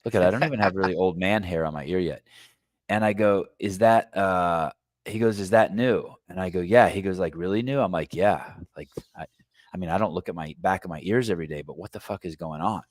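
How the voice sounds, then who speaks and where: A man's voice: low-pitched, brisk, no room sound, studio quality. A middle-aged man hosting a podcast, telling a rambling story in casual chat and swearing freely. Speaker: podcast host.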